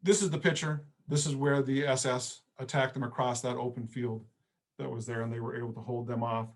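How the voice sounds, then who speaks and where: A middle-aged man, a history professor, giving an online history lecture in a relaxed, storytelling way. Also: mid-range voice, brisk. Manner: conversational storytelling with casual phrasing.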